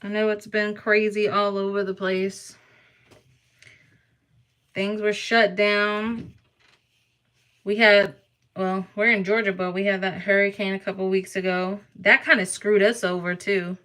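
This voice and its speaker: Slow-talking bright young woman chatting. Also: medium pitch, little pitch movement, clean tone. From Florida. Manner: chatty, reads and greets live chat. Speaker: vlogger. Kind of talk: casual chat with viewers. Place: near Atlanta.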